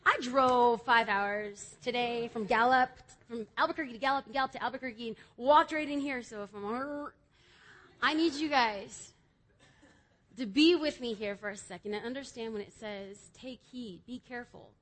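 A woman giving an energetic youth sermon in a church service, emphatic and swinging between loud exhortation and quiet confession. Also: on the high side, moderate pace. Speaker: youth speaker.

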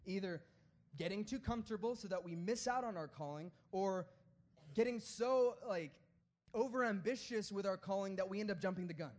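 A male preacher with a notably high, light voice delivers his sermon in a casual, animated way. He swings from playful asides to hushed, earnest pleas without ever turning formal. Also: normal speed.

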